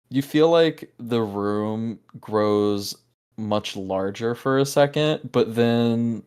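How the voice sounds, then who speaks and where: A man narrating a tabletop game as game master, halting and searching for words with many fillers. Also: on the low side, a little mellow, clear, resonant tone.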